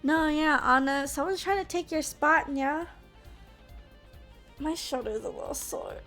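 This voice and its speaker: Young woman streamer, high bright voice, chatty, lots of "like" and "yeah?", faint music behind. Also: a little slow. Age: 20s. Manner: chatty, peppers speech with "like" and "yeah?". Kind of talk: casual live-stream chat.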